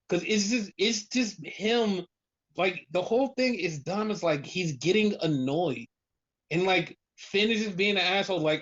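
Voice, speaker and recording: A man's voice: high voice, lively intonation, a little slow, fairly bright tone. A man in casual chat, rambling with lots of "like", swearing, and acting out what others would say. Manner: rambling, profane, heavy on "like", acts out quotes. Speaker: podcast co-host. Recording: dull lo-fi recording.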